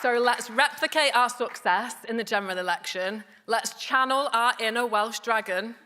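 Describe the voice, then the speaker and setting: A woman's voice: fairly high pitch, normal speed, bright, forceful tone, slight background noise. A woman with a Bolton accent giving a rousing conference speech on stage, introducing the next speaker with light jokes. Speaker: party politician introducing a speaker. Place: large conference hall on stage. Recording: long hall reverb, faint crowd.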